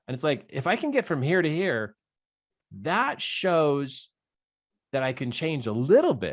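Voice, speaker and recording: A man giving a motivational coaching talk, animated and often laughing as he acts out inner voices. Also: mid-range voice, unhurried, pauses often. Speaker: life coach.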